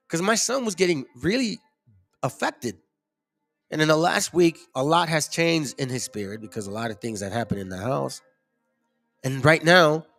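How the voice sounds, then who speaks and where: A man talks through a casual commentary with a lively voice that rises and falls a lot. He rambles, repeats himself and drops slangy asides. Faint music plays behind him. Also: a little high, vocal fry. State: headache, struggling to focus. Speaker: host.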